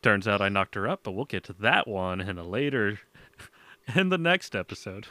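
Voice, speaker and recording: A man's voice: fairly low pitch, expressive, moderate pace, sharp tone, no echo. A young man hosting a podcast, telling a story in casual chat, laughing often and swearing as he acts out his parents. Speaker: podcast host.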